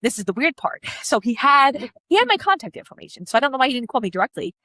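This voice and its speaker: A woman wedding coordinator tells a story in quick, blunt, animated bursts, swearing freely as she plays out each exchange. The sound is dry and close, with no room echo. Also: high-pitched. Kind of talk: casual storytelling chat.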